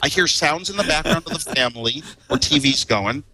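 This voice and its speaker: A man's voice: on the high side, animated, a little fast, bright, forceful tone, poor audio. Rambling, chuckling man telling stories. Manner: rambling, chuckling, repeats words. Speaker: guest. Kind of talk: casual storytelling.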